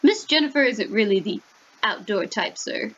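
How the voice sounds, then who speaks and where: A woman voicing an old male gardener who speaks slowly and deferentially to his employer. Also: medium pitch, expressive, a bit bright, dull audio.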